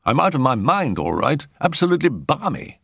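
A man's voice: on the high side, big pitch swings, a little fast, creaky, fairly bright tone, breathy edge, dry recording, studio quality, pitched above the performer's own voice, full character voice. A man voicing an agitated, earnest young man who fears he is losing his mind, in a storybook reading. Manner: tense, pleading, insistent. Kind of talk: audiobook character reading.

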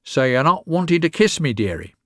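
A man's voice: fairly high pitch, very animated, fairly quick, no echo, clean studio sound, pitched above the performer's own voice. Man doing a wheezy, cunning old crone. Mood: leering. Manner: leering, wheedling. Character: wheezy, cunning, greedy middle-aged woman, bent.

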